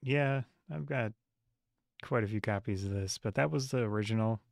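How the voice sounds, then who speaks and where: Gravelly low-voiced game player. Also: male voice, moderate pace, dry recording, clean studio sound. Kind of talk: casual tabletop play.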